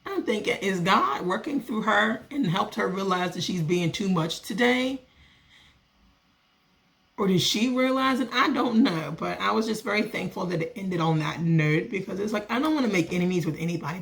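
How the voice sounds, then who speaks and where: A woman, vlogging as a small business owner and telling a story in a casual, animated way. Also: normal speed, gravelly. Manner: animated, acts out other people's lines with lively pitch jumps. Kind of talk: casual storytelling rant to camera.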